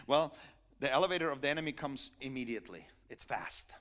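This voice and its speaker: A male pastor preaching a sermon, swinging from quiet asides to loud, emphatic peaks. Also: medium pitch, animated, quick pace.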